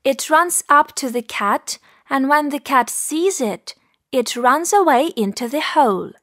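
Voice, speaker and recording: A woman narrating a children's story in a slow, clear, careful way for English learners. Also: high voice, lively intonation, fairly bright tone, no room sound, studio quality.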